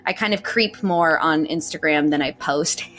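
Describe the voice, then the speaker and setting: A woman's voice: deep voice, measured pace, fairly bright tone, soft background music. A woman voice actor who is a guest on a podcast, chatting casually in a bubbly way and laughing often.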